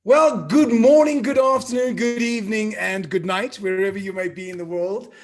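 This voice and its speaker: A man in his fifties from South Africa, hosting a live online launch event in a playful, animated way, telling stories and getting the audience to join in. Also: high voice, moderate pace. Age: 50s. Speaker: event host.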